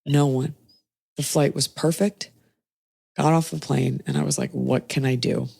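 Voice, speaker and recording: Low-voiced woman hosting a chatty podcast. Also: normal speed, gravelly, breathy edge, dry recording. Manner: animated, acts out quotes in shifting voices. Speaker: podcast host. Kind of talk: casual chat and storytelling.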